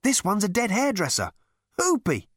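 A man's voice: fairly high pitch, expressive, normal speed, a bit bright, no echo, studio quality, pitched above the performer's own voice. Ford, as a man plays him, a breezy, gleeful traveller. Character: excitable, grinning adult male alien traveller.

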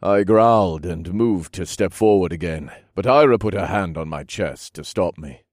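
Deep-voiced male audiobook narrator. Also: dry recording, studio quality. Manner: steady, measured storytelling. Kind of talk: scripted first-person narration.

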